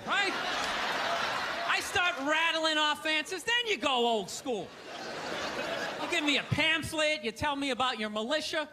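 A male stand-up comedian rants with loud, sarcastic energy, his voice pushed very high. He is recorded live on stage, with audience laughter and a layer of room noise under every line. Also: lively intonation, unhurried, pauses often, a loud crowd. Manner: loud ranting sarcastic delivery. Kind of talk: stand-up set. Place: theater stage.

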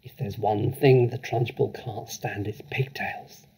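A man reading aloud, voicing a cheeky, knowing older schoolgirl who speaks in a hushed, gossipy way. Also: lowish voice, steady tone, unhurried, slightly rough, full character voice.

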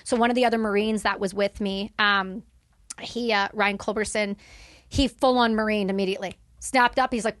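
A young woman speaking as a podcast guest, telling a candid story in animated, fast bursts and swearing freely. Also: medium pitch, no echo, studio quality.

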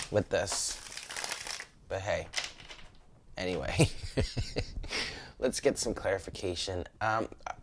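A man's voice: deep voice, heavy background noise. A man with an American accent giving a casual, blunt tarot reading, cursing and exclaiming often as he talks to viewers. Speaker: tarot reader.

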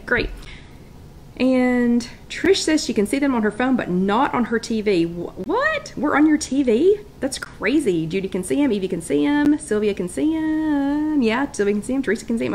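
A woman's voice: mid-range voice, a little hiss or hum. A woman hosting a casual live online chat, greeting viewers by name and reading their comments aloud.

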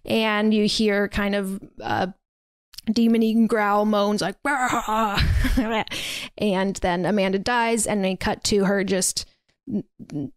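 Casually recapping a horror film, a young woman on a podcast fills her story with "like" and little laughs. She speaks in a steady, mid-range voice, a little slow, with a clear, resonant tone and no room sound.

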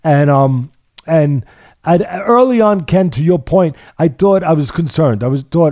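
A man's voice: a little high, lively intonation, measured pace, mellow. An older man hosting a boxing podcast, rambling in casual sports talk with lots of restarts and fillers. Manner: rambling, many restarts and fillers, jokey then earnest.

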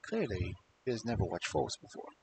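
A man reading an old fairy tale aloud on a live stream, expressive and adding dry, wry asides. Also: fairly low pitch, a little fast, slight background noise, low-quality recording. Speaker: storyteller.

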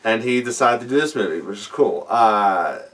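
A man's voice: on the low side, expressive, normal speed, fairly bright tone, far from the mic. A man co-hosting a casual movie review chat, rambling through his points with lots of fillers. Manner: rambling, full of fillers and acted-out quotes. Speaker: co-host.

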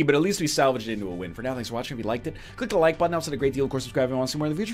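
A man's voice: medium pitch, animated, rapid-fire, few pauses, soft background music. A man with a congested, nasal voice, giving rambling, jokey commentary as he plays a game. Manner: rambling, jokey, tangent-prone. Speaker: gaming YouTuber. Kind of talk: let's play commentary.

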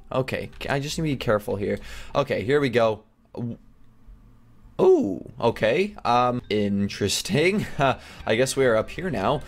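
A young man hosting a gameplay channel, talking through an obstacle course in excited casual commentary that jumps into high squeals when something surprises him. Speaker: gaming channel host. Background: faint background music.

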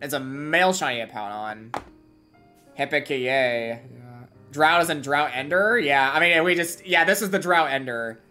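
Low-voiced woman streaming a game. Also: normal speed, soft background music. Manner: excitable, gamer slang, chats with viewers. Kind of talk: live gameplay streaming chat.

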